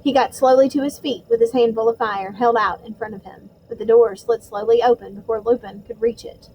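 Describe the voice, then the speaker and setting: A woman narrating a storybook chapter in a measured, suspenseful way. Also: on the high side, fairly even intonation, a little mellow, a little hiss or hum, low-quality recording. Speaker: audiobook reader.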